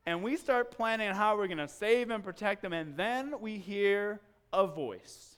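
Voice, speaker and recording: Male pastor, animated storyteller, resonant, high-pitched. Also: unhurried, few pauses, clear, resonant tone. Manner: animated storyteller acting out scenes. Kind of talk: sermon with personal storytelling. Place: church.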